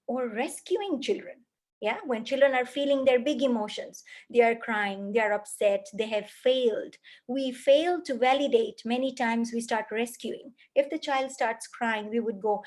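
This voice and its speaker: Earnest woman lecturing, slightly high voice. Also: moderate pace, darkish tone. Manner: earnest, lists things in repeated phrases. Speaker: parenting speaker. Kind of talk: spoken lecture.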